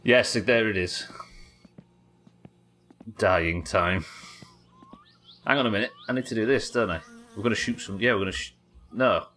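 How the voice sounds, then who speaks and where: A man's voice: lowish voice, normal speed, pauses often, pushed and bright. A man chatting casually and joking while he plays a game on a live stream. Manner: chatty, joking, swears freely. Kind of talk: casual gameplay commentary.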